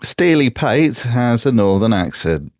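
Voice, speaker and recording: A man's voice: medium pitch, big pitch swings, unhurried, darkish tone. A man from Britain reading a scripted voice-over commentary in a sardonic, mocking manner, recorded on a close mic. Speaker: YouTube commentator.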